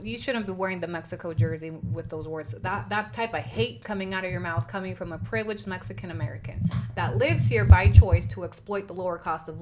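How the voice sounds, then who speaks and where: A woman's voice: medium pitch, slight background noise. Heated woman host, indignant and swearing. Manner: repeats herself for emphasis. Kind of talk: livestream commentary.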